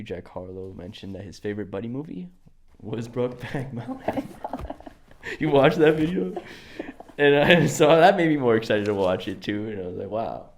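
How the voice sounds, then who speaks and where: A man's voice: lowish voice, a little hiss or hum. A man in his twenties co-hosting a podcast, rambling casually with lots of fillers and laughs. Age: 20s. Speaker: podcast co-host. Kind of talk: casual chat.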